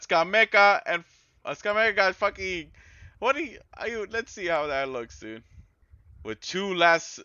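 A man commentating his own football video game as he plays, excitable and swearing, yelling at his players and groaning at their mistakes. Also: mid-range voice, clean tone, dry recording, muffled recording. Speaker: gaming YouTuber. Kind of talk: live gameplay commentary.

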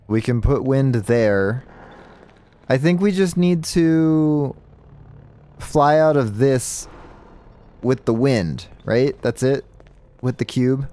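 A man streaming a puzzle game live, talking through it in an excitable, joking way and thinking aloud. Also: mid-range voice, slow pace, long pauses. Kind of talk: live gameplay commentary.

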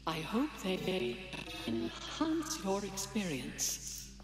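An actress playing a polite female smart-house AI in a video game, speaking in a formal, calm, courteous way. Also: medium pitch, slow pace, music in the background.

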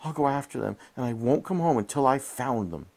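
A man doing a high pleading girl cat. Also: big pitch swings, moderate pace, vocal fry, a little mellow. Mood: distressed. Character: young female cat, remorseful and pleading.

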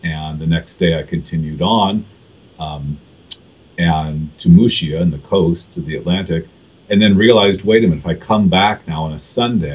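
A man from California, a guest on a podcast, recounting his travels in a measured, thoughtful way with frequent fillers. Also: sits low, slightly rough, muffled recording. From California, USA. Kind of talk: casual podcast interview.

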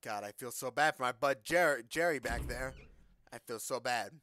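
A man giving casual, joking commentary while playing a video game. He talks back to the characters on screen, breaks into loud outbursts, and mutters the on-screen text in a low voice. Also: normal speed. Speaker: let's play gamer.

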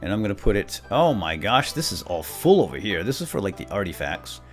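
A young man hosting a casual let's play, goofing around and jumping between squeaky put-on voices and low mumbles. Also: big pitch swings, fairly quick, faint music behind. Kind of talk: casual gameplay commentary.

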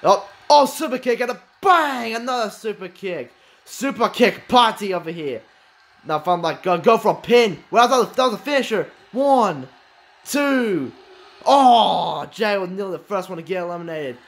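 A man with a high voice and a light lilt calls a wrestling video game match blow by blow. He is excitable, exclaims often and swears freely. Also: moderate pace. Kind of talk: excited play-by-play commentary.

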